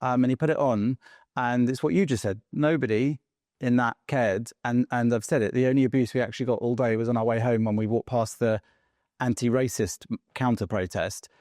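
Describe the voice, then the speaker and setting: A male interview host talks at a mid-range pitch in a measured, conversational manner and leads into his questions through personal anecdotes. His voice sits dry and close to the mic. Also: fairly even intonation, darkish tone, no room sound. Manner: measured, relating anecdotes before posing questions.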